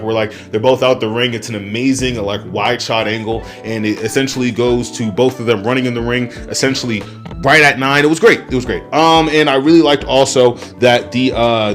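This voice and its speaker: A man giving a rambling, profane, excitable wrestling review, often laughing at his own points. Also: medium pitch. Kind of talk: casual review monologue.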